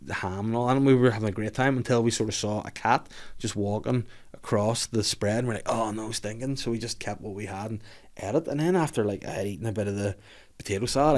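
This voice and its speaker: A young man telling a swearing, laughing anecdote in casual podcast chat. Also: on the low side. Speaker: podcast guest.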